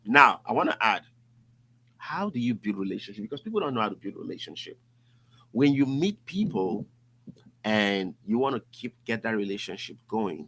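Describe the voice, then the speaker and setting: With a fairly low voice and a moderate pace, a man hosts a laid-back talk show, animatedly recounting stories and performing other people's voices. Slight background noise can be heard in this casual podcast chat.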